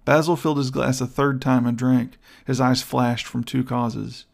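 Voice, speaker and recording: Male narrator, gravelly texture, steady scripted storytelling. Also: medium pitch, moderate pace. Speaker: audiobook narrator.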